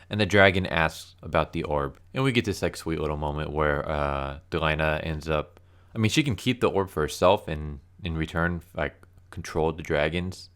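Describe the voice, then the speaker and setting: A man's voice: sits low, brisk, a bit bright, clear, resonant tone. A young man casually reviewing a comic book issue, rambling with lots of fillers and restarts.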